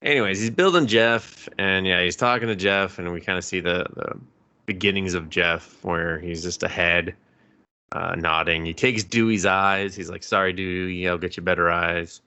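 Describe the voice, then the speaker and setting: Bright, gravelly-voiced man joking casually. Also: low voice, fairly even intonation, normal speed. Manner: joking, laughs often, puts on silly voices for characters. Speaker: podcast co-host. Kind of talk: casual movie review chat.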